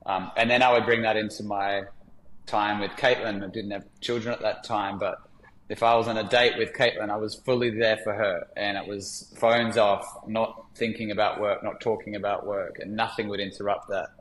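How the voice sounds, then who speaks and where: A man, a podcast guest telling stories in a candid, relaxed way with many fillers. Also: fairly low pitch, moderate pace, reverberant, a little hiss or hum, low-quality recording. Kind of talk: reflective storytelling in conversation.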